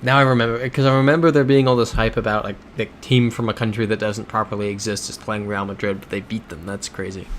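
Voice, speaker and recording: A man in a relaxed, rambling livestream chat, reading out messages from viewers and answering them easily. His voice sits somewhat low, with a faint hum of noise behind him. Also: quick pace, hardly any pauses. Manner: chatty, reads viewer comments aloud and reacts to them; laid-back, with soft chuckles. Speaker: livestream host. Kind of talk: casual livestream chat while playing a geography game.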